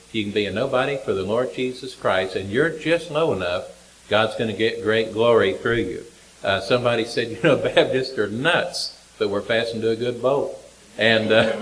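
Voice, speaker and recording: A man's voice: mid-range voice, low-quality recording. An older man, a country doctor giving a folksy, self-deprecating sermon with wry humor. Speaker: lay preacher, country doctor.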